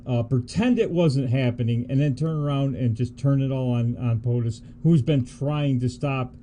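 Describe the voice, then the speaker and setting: Guy cohosting a politics stream, warm dark voice, scornful and worked up, little bit of hiss behind. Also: mid-range voice, normal speed. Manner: indignant, scornful, laughs easily. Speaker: co-host of a political livestream. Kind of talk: casual political commentary.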